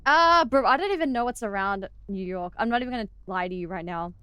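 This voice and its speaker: A woman's voice: mid-range voice, quick pace, sharp tone, clean tone, dry recording. A young Australian woman streaming a game, chatting playfully with viewers, giggling and sounding out words as she rambles. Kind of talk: casual live-stream chat while gaming.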